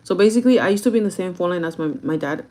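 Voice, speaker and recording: A young woman telling a story to her viewers in an animated, chatty way while getting ready. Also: fairly low pitch, rapid-fire. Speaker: vlogger. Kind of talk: get-ready-with-me storytime chat.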